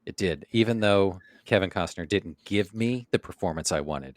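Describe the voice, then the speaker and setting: Jokey low-voiced podcast co-host. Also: male voice, moderate pace, no room sound, clean studio sound. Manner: jokey, playful, laughs often. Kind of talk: casual chat.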